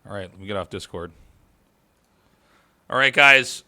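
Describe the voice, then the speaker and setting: A man's voice: lowish voice, a little slow, long pauses, sharp tone. A man hosting a live game stream in a casual, chatty way, thanking subscribers and swearing now and then. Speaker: stream host and caster.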